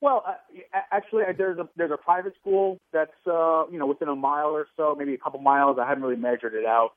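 A man's voice: on the high side, quick pace, dry recording. A man speaking as a guest over a tinny phone line, the sound dry and narrow. He talks in a heated, indignant way, pressing his complaints. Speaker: guest, gun rights advocate. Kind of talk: phone interview on talk radio.

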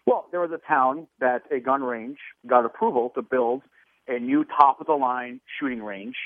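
A man's voice: medium pitch, normal speed, no room sound. A man calling in as a radio show guest, talking in an indignant, heated way. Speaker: guest, gun rights advocate. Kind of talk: phone interview on talk radio. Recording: tinny phone line, dry.

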